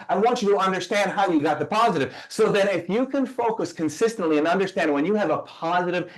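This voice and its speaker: High-voiced man coaching with emphatic questions. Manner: emphatic, fires rhetorical questions at the audience; asks listeners to type answers in. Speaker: personal growth speaker. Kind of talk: motivational teaching session.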